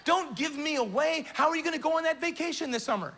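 Man doing nagging money voice, high-pitched and pleading, begging to stay in the wallet. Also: lively intonation, fast talker, pushed and bright, full character voice. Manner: pleading, insistent.

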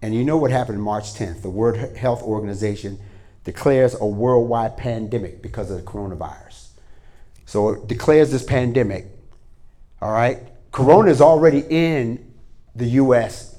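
A man preaching a sermon to a congregation in a church, moving from quiet prayer to energetic storytelling. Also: mid-range voice, normal speed. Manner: starts with hushed prayer, then lively storytelling with voiced characters. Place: church hall before a congregation.

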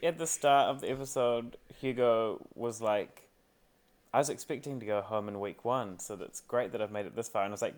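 A man's voice: fairly low pitch, moderate pace. A man co-hosting a casual chat, joking and quoting others in mimicking voices. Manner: jokey, quotes people in mimicking voices. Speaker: podcast co-host.

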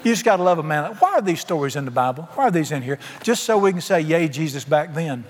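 A man preaching a sermon, telling a folksy, animated story full of sudden jumps in pitch. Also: fast. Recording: reverberant hall with faint ambience.

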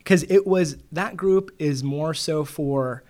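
A man's voice: a little high, slow, a little mellow. A middle-aged man, a loan broker, telling stories in a casual interview and quoting others with "he goes.".

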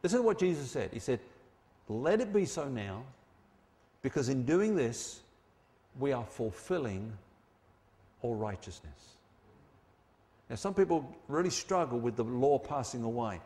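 A man preaching a sermon, emphatic, slowing down and dropping low on key phrases. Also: sing-song, dark tone, long reverb tail.

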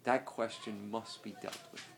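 A man's voice: lowish voice, steady tone, measured pace, gravelly. A male teacher lecturing a religious class. He speaks with emphasis and leans on repetition, circling back to drive each point home. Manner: emphatic, repeats key phrases.

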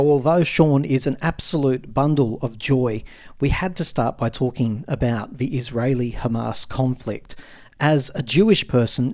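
A man's voice: medium pitch, a little mellow, no room sound, studio quality. A man with an Australian accent hosting an interview podcast, asking friendly, probing questions. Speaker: podcast host.

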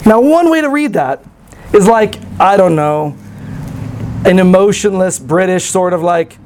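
A man's voice: sits high, lively intonation, normal speed, darkish tone, a little hiss or hum, poor audio. A man preaching a sermon in an earnest, conversational way, with light self-deprecating humor. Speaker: pastor.

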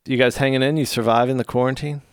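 A man's voice: mid-range voice, steady tone, fast, smooth, dry recording, clean studio sound. A man hosting a podcast in casual chat. He teases his co-host playfully and asks him questions. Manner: playful teasing, interviewing.

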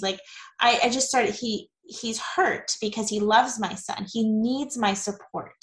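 A woman's voice: fairly high pitch, a little slow, fairly bright tone, echoey room, rough recording. A woman in her forties, a guest telling her story in a candid, chatty interview. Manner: candid and chatty, with frequent fillers and laughs. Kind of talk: casual interview.

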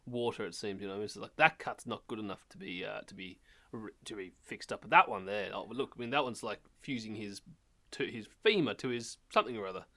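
A man's voice: fairly low pitch, a little fast, bright, forceful tone. A man co-hosting a podcast, chatting casually and rambling through his thoughts with lots of fillers. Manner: chatty, rambling, many fillers and back-channel replies. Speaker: podcast co-host. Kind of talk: casual chat.

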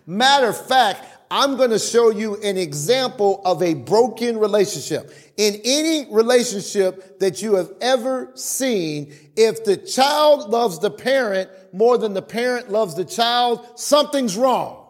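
A man preaching with a noticeably high voice. He delivers his sermon in an animated way and slips into the voices of worshippers to make his points. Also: unhurried, few pauses. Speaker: pastor.

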